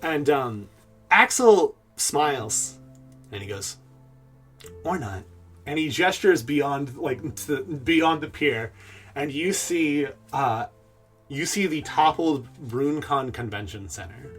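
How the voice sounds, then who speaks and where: A man's voice: medium pitch, expressive, slow pace, fairly bright tone, slightly rough, soft background music. A man running a tabletop game as game master, narrating in a loose, hesitant way with fillers.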